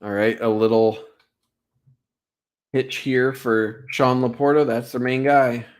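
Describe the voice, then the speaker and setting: A young man casually breaking down football film on a live stream, excitable and full of fillers like "like" and "right?". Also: mid-range voice, slow.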